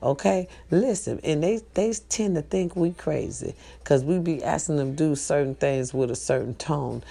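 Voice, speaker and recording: Gravelly-voiced woman giving blunt advice. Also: deep voice, moderate pace. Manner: profane, blunt, animated preaching. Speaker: vlogger. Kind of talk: casual advice rant to viewers.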